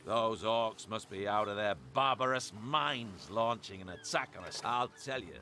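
A man's voice: on the low side, normal speed, bright, forceful tone, slight background noise. A man voicing a grim, earnest game character who warns about a thief and orcs. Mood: serious. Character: grim male informant, suspicious of orcs.

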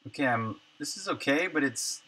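Sharp-voiced man thinking aloud. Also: mid-range voice, animated, moderate pace, slight background noise. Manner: thinks aloud, trailing off and muttering numbers. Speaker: indie game developer streaming his work. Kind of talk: casual livestream chat while working.

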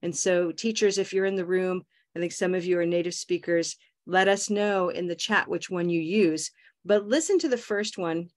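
A woman teaching English pronunciation on a video call, modeling words slowly and repeating them. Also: lowish voice. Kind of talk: online pronunciation lesson.

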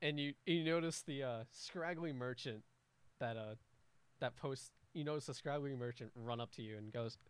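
Young male game master: casual, halting narration; middle pitch, dry close sound. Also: smooth, no room sound. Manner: casual, halting, with many restarts and fillers.

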